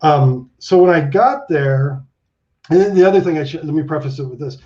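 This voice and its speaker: A man around fifty telling stories as an interview guest, animated and swearing, acting out the people he quotes. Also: a little high, moderate pace. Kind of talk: casual interview storytelling. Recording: dull lo-fi sound.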